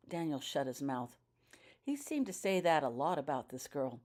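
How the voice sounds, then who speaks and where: A woman with a low voice narrates her own fan fiction as an audiobook. Her reading is steady, but her pitch moves with wide, lively swings. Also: moderate pace.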